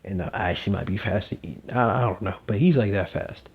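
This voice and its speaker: A man's voice: on the low side, fairly quick, creaky, husky. A young man telling a fan-fiction story casually, rambling with lots of fillers, in a dull lo-fi recording.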